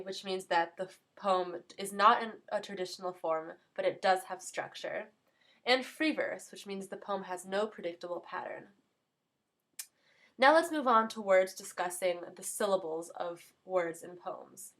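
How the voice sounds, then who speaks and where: A woman's voice: mid-range voice, a bit bright. A young woman giving a plain educational explainer, working through a list of terms and giving an example for each.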